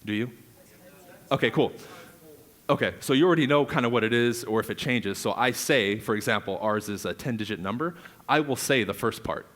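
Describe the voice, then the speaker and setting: A man's voice: medium pitch, brisk. A man coaching a live audience on real estate prospecting, energetically acting out client dialogue. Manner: energetic, acts out client dialogue, laughs often. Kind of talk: live seminar teaching.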